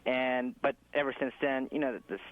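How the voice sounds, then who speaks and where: A man's voice: medium pitch, steady tone, moderate pace, no room sound. Laid-back male caller over phone line. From Mexico. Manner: laid-back, chuckling, rambling. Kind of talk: phone-in conversation.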